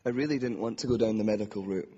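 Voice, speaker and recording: A man's voice: fairly low pitch, fast, mellow, slightly rough. A man preaching from a podium, giving an earnest and reflective personal testimony and acting out the inner voices in his story. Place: hall with podium. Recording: long hall reverb, dull lo-fi.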